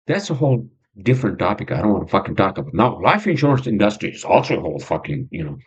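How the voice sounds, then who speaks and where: A fast-talking man with a fairly low, very animated voice and a breathy edge is venting on his own podcast. The monologue is frustrated and rambling, heavy on swearing and fillers, and the sound is dull and lo-fi.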